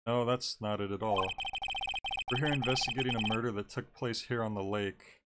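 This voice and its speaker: A man's voice: on the low side, steady tone, normal speed, heavy background noise, lightly acted. Man reading as an earnest young lawyer. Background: loud game music.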